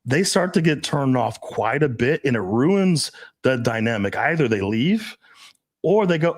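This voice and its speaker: A young man hosting a casual podcast as a dating coach, animated, swearing and acting out quoted voices. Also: mid-range voice, a little slow.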